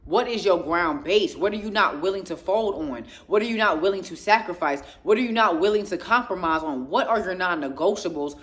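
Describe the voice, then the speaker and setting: A woman's voice: lowish voice, expressive, fairly quick, few pauses. A woman giving an emphatic, preachy motivational talk on faith and growth, stacking repeated phrases in rhythmic lists. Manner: speaks passionately, getting louder, then drops quieter. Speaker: faith and self-growth speaker.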